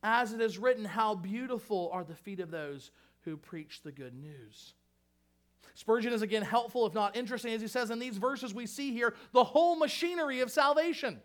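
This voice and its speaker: A pastor delivering an impassioned sermon, emphatic and repetitive, swinging from raised fervor to hushed intensity. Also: male voice, high-pitched, lively intonation, normal speed. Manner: impassioned, emphatic preaching with repeated phrases.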